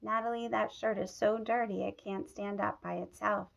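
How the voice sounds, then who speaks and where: A woman's voice: medium pitch, fairly even intonation, moderate pace, vocal fry. A woman voicing an encouraging young mother in a read-aloud storybook.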